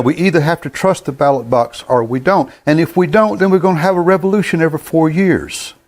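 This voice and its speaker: Halting older man in his seventies. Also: mid-range voice. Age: 70s. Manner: halting, repeats words, plain-spoken. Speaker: host. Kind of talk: earnest spoken monologue.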